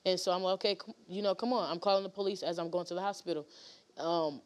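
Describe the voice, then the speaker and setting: A woman's voice: fairly low pitch, fairly even intonation, fast. A woman guest on a talk show, telling a painful story in a rambling way with many fillers and restarts.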